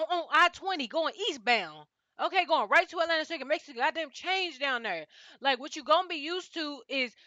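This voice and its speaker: Bright-voiced woman ranting bluntly. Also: high voice, no echo, dull audio. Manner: blunt, profane, exasperated. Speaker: reality TV recap host. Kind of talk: casual TV recap rant.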